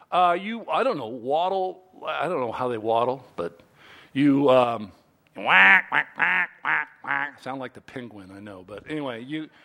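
A man preaching a sermon in an animated, playful way, acting out quotes and little scenes to make his point. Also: high-pitched.

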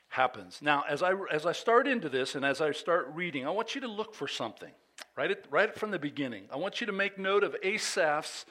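A man's voice: on the high side, a bit bright. A man preaching a sermon, reading scripture aloud with rising intensity and talking directly to the congregation in asides. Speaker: pastor.

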